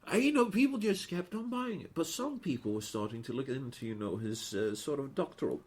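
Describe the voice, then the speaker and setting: A man's voice: mid-range voice, a little fast, breathy edge. A man, co-hosting a podcast in casual chat and swearing a lot. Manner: animated, swears a lot, frequent restarts. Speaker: podcast co-host.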